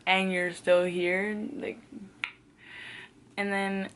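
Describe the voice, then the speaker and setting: A woman's voice: medium pitch, level tone, very slow, fairly bright tone, slight background noise. Rambling, profane young woman telling a story. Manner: laughs often between phrases. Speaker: vlogger. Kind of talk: casual storytime.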